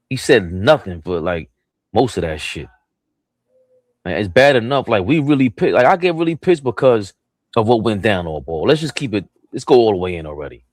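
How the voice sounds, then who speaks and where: A man's voice: on the low side, no room sound. A man hosting a sports talk stream, ranting in a heated, profane way. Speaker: host.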